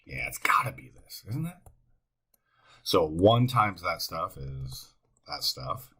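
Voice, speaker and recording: An excitable man teaches math on a recording, thinking aloud and talking to himself as he works. His voice is bright and a little husky, and his pitch swings widely. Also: slow pace.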